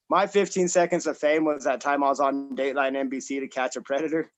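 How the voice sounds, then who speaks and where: A man's voice: medium pitch, quick pace, few pauses, low-quality recording. A man in his thirties from Colorado doing a stand-up set over a video call, rambling and self-deprecating with many fillers and restarts. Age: 30s. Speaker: stand-up comic.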